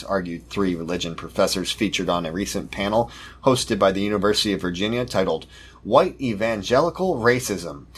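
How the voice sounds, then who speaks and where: A man's voice: fairly low pitch, breathy edge. A man hosting a podcast, reading news articles aloud and commenting on them in a sarcastic, mocking way. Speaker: podcast host.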